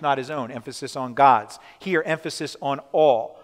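A man preaching a sermon, emphatic, repeating his key points and slowing down to stress them, often checking in with the listeners. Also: mid-range voice. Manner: asks the listeners questions. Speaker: pastor. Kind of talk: sermon teaching. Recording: long hall reverb.

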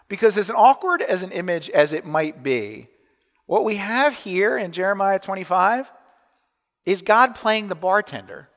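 Casual pastor, man, fairly high voice, long hall reverb, chatty asides. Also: fairly bright tone. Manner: reads scripture, then talks casually with restarts and asides. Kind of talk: sermon. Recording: echoey church hall.

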